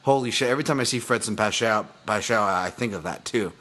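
A man hosting a podcast in casual sports chat, rambling, excitable and profane. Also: on the low side, fast. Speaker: podcast host.

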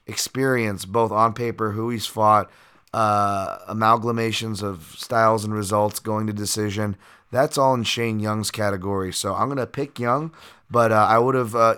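A man with a somewhat low voice hosts a solo podcast and talks through his picks in a casual, meandering way. He fills gaps with "um" and "uh", restarts his sentences, and drops the occasional curse word. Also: fairly bright tone. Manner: rambling, filler-heavy, occasional profanity. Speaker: podcast host and fight analyst. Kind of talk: casual betting breakdown monologue.

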